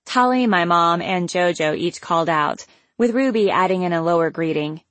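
A woman with a fairly low voice reads a novel in the first person, wry and casual. The sound is close and completely dry. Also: lively intonation, moderate pace, a bit bright, no room sound. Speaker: audiobook narrator.

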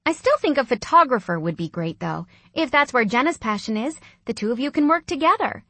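A woman voicing a brisk, direct young woman who teases her brother in an audiobook story. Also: high-pitched, lively intonation, fairly bright tone, no echo, pitched above the performer's own voice, exaggerated voice. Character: bossy, teasing young woman, sister figure.

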